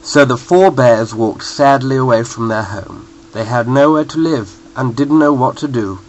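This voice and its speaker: A man reading a children's bedtime story in a playful, expressive way. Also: medium pitch, normal speed, lo-fi sound, slight background noise.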